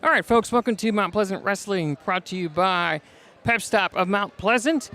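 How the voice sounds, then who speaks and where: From the top of the gym bleachers, a play-by-play broadcaster previews high school wrestling, energetic and fast-talking. He rattles off stats and names while slightly out of breath.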